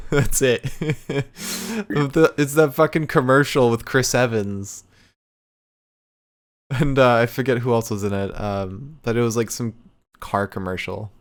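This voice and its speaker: A man's voice: medium pitch, slow, long pauses. A young man hosting a live podcast, joking loosely, laughing easily and talking to his chat. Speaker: podcast host. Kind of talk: casual livestream podcast hosting.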